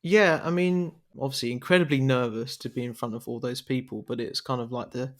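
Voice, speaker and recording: A man in his twenties being interviewed on a podcast, speaking modestly and haltingly. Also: mid-range voice, steady tone. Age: 20s. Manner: modest and halting, with many fillers and restarts. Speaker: interview guest. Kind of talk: conversational interview.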